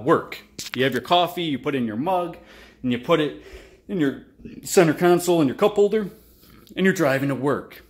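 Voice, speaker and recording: A man talks straight to his channel viewers in a loose, unscripted motivational monologue. His voice is pitched a little high for a man and swings widely up and down as he acts out cursing, frustrated outbursts between calmer stretches. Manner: animated, swears freely, acts out frustrated outbursts. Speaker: channel host.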